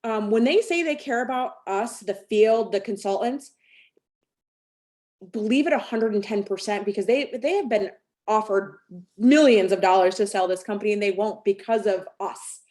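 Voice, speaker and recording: A woman's voice: mid-range voice, normal speed, darkish tone. A woman, a sales team director, telling a rambling personal story on a team call, full of fillers and restarts.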